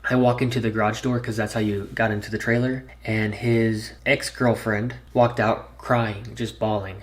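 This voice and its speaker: A man's voice: fairly low pitch, flat delivery, moderate pace. A man telling a personal story in a storytime vlog, earnest and candid, plain spoken and swearing freely. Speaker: YouTuber.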